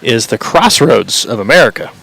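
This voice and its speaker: A man's voice: mid-range voice, normal speed, gravelly, slightly rough. Easygoing man chiming in on a ballgame. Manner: relaxed, short reactions and banter. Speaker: color commentator. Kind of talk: baseball radio commentary.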